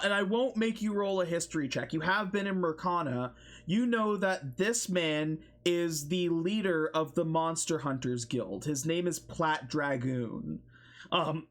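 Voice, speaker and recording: A man runs a tabletop game as game master, narrating in a loose, rambling way full of fillers. His voice sits slightly high and he takes his time. The sound is casual and unpolished. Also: fairly bright tone.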